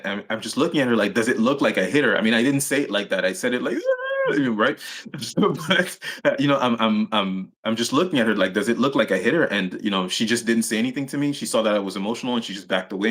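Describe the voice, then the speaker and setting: A man recounting his own childhood in a live interview, halting, with many restarts and fillers. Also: lowish voice, a bit bright. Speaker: interview guest. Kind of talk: personal story in a live interview.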